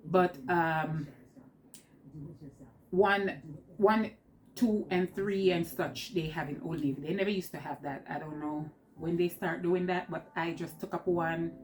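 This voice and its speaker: A woman's voice: low voice, a little mellow, a little hiss or hum. A woman with a Jamaican accent talking through a clothing haul in a chatty, rambling way, laughing often, seated at home. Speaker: vlogger. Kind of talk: casual haul vlog.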